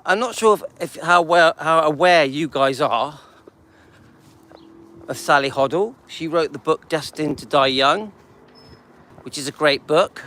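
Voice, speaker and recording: Older guy live streaming on his phone while he walks round a seaside town, high bright voice, faint noise behind. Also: measured pace, pauses often. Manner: chatty, greets viewers by name, restarts sentences. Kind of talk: casual live-stream chat. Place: outdoors walking through a seaside town.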